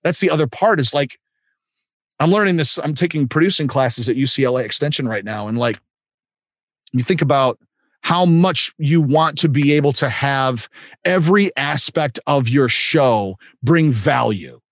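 A man who works as an improv and voiceover actor, a podcast guest telling animated anecdotes and acting out the dialogue. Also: medium pitch, normal speed, no echo, clean studio sound. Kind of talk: anecdotal storytelling.

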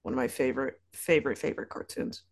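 A woman's voice: a bass voice, steady tone, fast talker. A woman co-hosting a podcast in casual chat, chiming in with short agreeing replies and enthusiastic asides. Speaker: podcast co-host.

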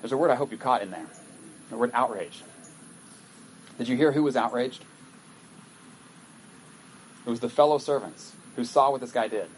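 A man's voice: medium pitch, moderate pace, long pauses, a little hiss or hum, rough recording. A male pastor giving a sermon in a conversational way, reading scripture aloud and breaking off to comment on it. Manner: conversational, reads scripture aloud with acted asides.

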